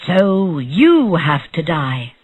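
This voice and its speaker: An audiobook narrator voicing a stern, weary male judge in a slow storybook reading. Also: medium pitch, very animated, husky, no room sound, heavily acted.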